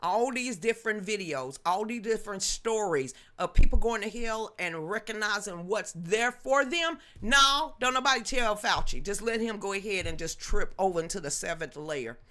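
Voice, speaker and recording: A woman's voice: medium pitch, lively intonation, moderate pace, few pauses, bright, forceful tone. A woman in her fifties hosting a news commentary livestream, reading chat and ranting emphatically in a rambling way.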